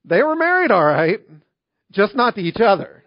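Storytelling male pastor, higher voice. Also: normal speed, no echo. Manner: conversational storytelling, animated in anecdotes. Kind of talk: sermon. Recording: dry, slightly dull recording.

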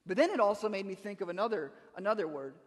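A man's voice: high-pitched, lively intonation, fast talker, long reverb tail. A man preaching a sermon as pastor, talking conversationally and repeating words as he starts a thought.

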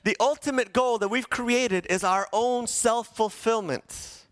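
A man preaching a sermon to his congregation, animated, asking them questions and acting out quoted voices. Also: very high voice, unhurried, hardly any pauses, dry recording, clean studio sound. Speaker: pastor. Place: church sanctuary.

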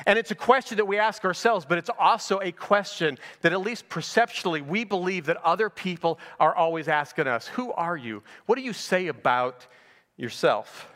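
A man's voice: high-pitched, animated, moderate pace, fairly bright tone, big-room sound. A middle-aged male pastor giving a conversational verse-by-verse sermon, asking rhetorical questions as he goes. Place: church sanctuary.

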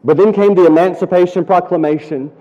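A pastor preaching a sermon, telling stories and building to emphatic peaks. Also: male voice, high voice, fairly quick, warm tone. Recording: muffled audio with long hall reverb.

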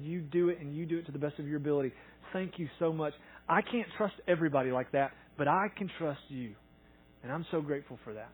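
A man preaching a sermon as a pastor, earnest, acting out quoted dialogue and swinging between loud and soft. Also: sits high, breathy edge. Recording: tinny phone-like sound.

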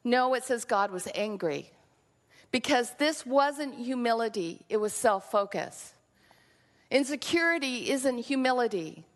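A woman's voice: on the high side, animated, unhurried. A woman preaching a sermon in a church, earnest and reflective, telling a story and drawing a lesson from it. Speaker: pastor. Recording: long reverb of a large hall.

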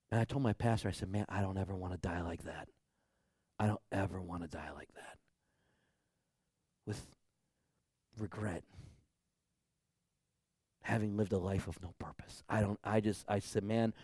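A middle-aged male pastor delivers a sermon as a story, moving from quiet, almost whispered lines to loud, rising ones. His voice sits at an ordinary pitch for a man. The sound is dry and close, with little room echo. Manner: storytelling with big swings from hushed to loud.

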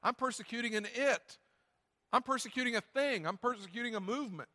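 Pastor putting on indignant ancient persecutor, raised incredulous voice, bright tone, reverberant hall. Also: male voice, very high-pitched, brisk, voice pushed up. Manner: incredulous, protesting. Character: indignant ancient persecutor, a man protesting loudly.

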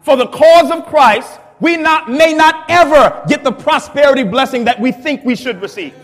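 High-voiced preacher in a reverberant hall. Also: male voice, moderate pace, a bit bright. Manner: reads scripture then retells it in street slang, chuckling. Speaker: pastor. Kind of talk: dialogue sermon.

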